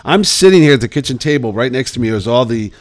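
A man co-hosting a casual podcast, talking from his kitchen table in a blunt, self-mocking way and quick to joke. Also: medium pitch, lively intonation, no echo. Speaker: podcast co-host and convention organizer.

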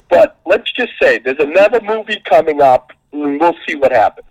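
A man co-hosting a casual podcast, gushing excitedly about a movie. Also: moderate pace, hardly any pauses, no room sound, dull audio. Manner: excitable, gushing, jumps in pitch. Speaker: podcast co-host.

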